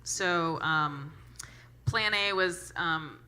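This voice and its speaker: Young woman stand-up comic with a very bright, sharp voice, brash and profane. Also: on the low side, drawn-out words. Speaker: stand-up comedian. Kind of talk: stand-up comedy set.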